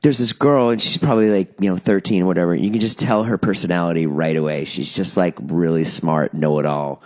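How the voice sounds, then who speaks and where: A man's voice: deep voice, brisk. A middle-aged father co-hosting a podcast, telling a story in a casual way and acting out the people in it. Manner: animated storyteller acting out others. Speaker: podcast co-host.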